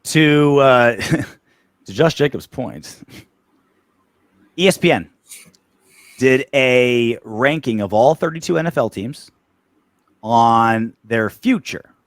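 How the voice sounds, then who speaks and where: A man co-hosting a casual sports podcast, talking in a lively voice that leaps up and down. He curses freely and keeps restarting his sentences. His voice sits dry and close on the mic. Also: medium pitch, no echo. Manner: animated, swearing, rapid restarts. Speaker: podcast co-host.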